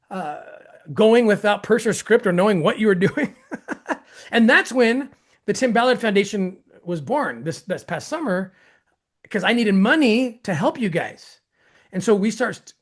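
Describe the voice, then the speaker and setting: A man hosting an interview tells a long story with excitement. He acts out the voices of other people, with his pitch jumping up sharply, restarts often, and laughs as he goes. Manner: excitable, acts out quoted dialogue with jumps in pitch. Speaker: host.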